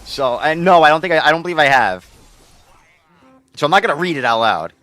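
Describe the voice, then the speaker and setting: Bright-voiced New man chatting on stream. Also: a little high, expressive, fairly quick, no room sound. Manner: rambling, profane, talks back to chat. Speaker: game streamer. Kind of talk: casual stream chat with viewers.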